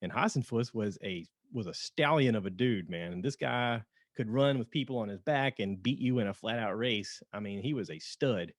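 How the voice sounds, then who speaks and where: A man's voice: fairly low pitch, normal speed, hardly any pauses, no room sound, studio quality. A man from North Georgia hosting a podcast in casual chat, laughing often and drifting into tangents. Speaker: podcast host.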